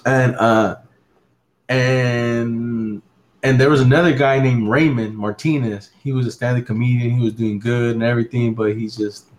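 A relaxed male stand-up comic shooting the breeze on a podcast. His voice sits at an everyday middle pitch, and he peppers his talk with slang, cussing and quick Spanish phrases. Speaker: stand-up comedian and podcast co-host. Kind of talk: casual podcast chat.

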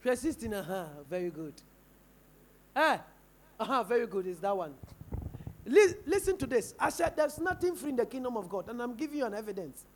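A man's voice: very high-pitched, very animated, a little fast. A man with a Ghanaian English accent preaching a sermon in church, firing rhetorical questions at the congregation. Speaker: pastor.

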